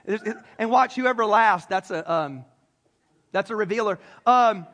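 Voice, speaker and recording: A man's voice: sits high, a little slow, a bit bright, long reverb tail. A man preaching a sermon, joking with the congregation and talking straight to them. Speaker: pastor. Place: church sanctuary.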